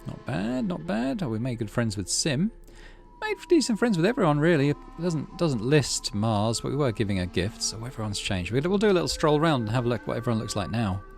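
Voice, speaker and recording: A man hosting a let's play video, relaxed and musing as he plays. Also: medium pitch, fairly quick, faint music behind. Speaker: gaming channel host.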